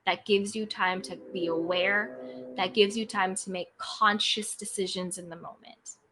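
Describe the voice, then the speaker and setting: A woman hosting a self-help podcast, talking in a calm, earnest way and repeating guiding phrases as she coaches her listeners. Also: medium pitch, measured pace, background noise. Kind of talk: motivational self-help talk.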